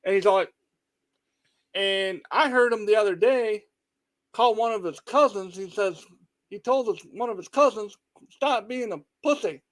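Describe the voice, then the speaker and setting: Easygoing male host, high-pitched, chatty, laughs readily. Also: moderate pace, long pauses. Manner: easygoing, laughs often, relaxed parent talk. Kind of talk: casual chat.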